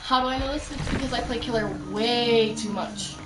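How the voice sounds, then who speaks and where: A chatty young woman rambles through her game, hopping between asides. Her voice sits a little high and comes from a step back from the mic. The room echoes around her and faint music plays underneath. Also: normal speed, recorded from a distance. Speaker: gaming streamer. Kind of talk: casual gameplay commentary.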